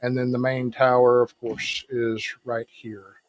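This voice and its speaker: A man running a tabletop game as game master, explaining rules in a halting way full of fillers. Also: medium pitch, level tone, no room sound.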